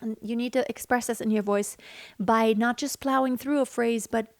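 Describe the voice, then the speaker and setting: A woman's voice: a little high, steady tone, moderate pace, a little mellow, no room sound, studio quality. A woman singing teacher explaining vocal technique in an earnest, instructive way. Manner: earnest, instructive, sings examples between explanations.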